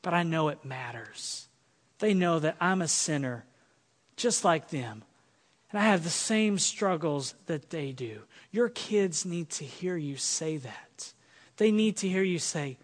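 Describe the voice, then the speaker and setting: High-voiced preaching man, echoing church. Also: expressive, moderate pace. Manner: earnest, dynamic preaching with sudden loud and soft turns. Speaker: pastor. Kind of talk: sermon.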